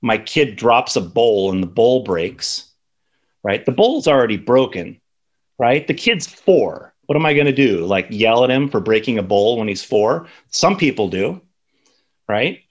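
Guy in his 30s teaching a lesson, chatty, keeps saying right?, normal pitch. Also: lively intonation, a little slow. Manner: conversational, tags sentences with "right?". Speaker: instructor.

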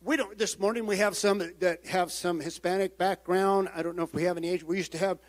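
A man preaching a sermon as pastor, swinging from loud emphatic calls down to quiet, low-spoken passages. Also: fairly even intonation, fast. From United States.

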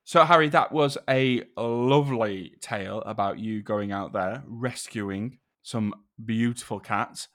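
Dry, teasing podcast host. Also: male voice, lowish voice, unhurried, hardly any pauses, fairly bright tone. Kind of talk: casual chat.

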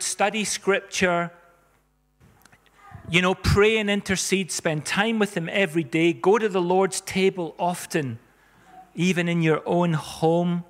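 Earnest pastor preaching in a reverberant hall. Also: male voice, fairly high pitch, fairly bright tone. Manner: earnest, emphatic, punctuated by "amen". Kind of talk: sermon. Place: church.

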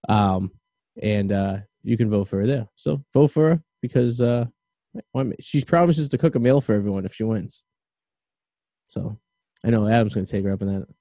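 A man hosting a loose podcast conversation, his voice mellow and relaxed. He rambles through opinions with plenty of ums and uhs. The recording is dry and close. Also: lowish voice, moderate pace, no echo. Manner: rambling, opinionated, with lots of fillers. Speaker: podcast host. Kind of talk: casual podcast chat.

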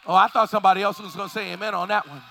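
High, bright-voiced fervent preacher man. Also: steady tone, very fast, vocal fry, some chatter behind, slight background noise. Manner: fervent preaching with shouted peaks and call-and-response. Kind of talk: sermon.

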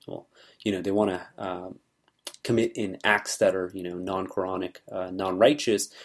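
A religious speaker with a deep, slightly mellow voice gives an earnest talk on scripture. His explanations are conversational, loose, and searching.

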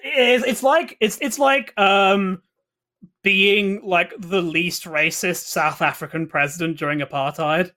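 A woman co-hosting a casual chat, quick and sarcastic, with frequent laughs and restarts. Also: fairly low pitch, fairly bright tone. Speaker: podcast co-host.

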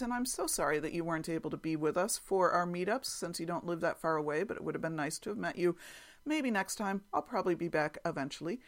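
Chatty woman hosting a podcast, slightly low. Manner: chatty, many fillers and small laughs. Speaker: quilting podcast host. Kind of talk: casual podcast chat.

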